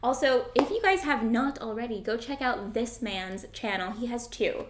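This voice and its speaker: Bubbly young woman, high voice. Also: normal speed, noisy background. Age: young adult. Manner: bubbly and giggly, many "like" fillers. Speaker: vlogger. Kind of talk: casual chat. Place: indoors, sitting down. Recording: echoey room.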